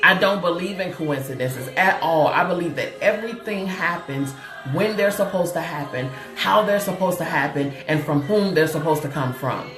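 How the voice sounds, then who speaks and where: A woman's voice: fairly low pitch, moderate pace, music in the background. Give me a woman hosting a casual motivational talk, laughing and asking the audience if they follow, in a roomy space. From Chicago, USA. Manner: laughing often, repeating phrases, addressing viewers directly. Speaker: host.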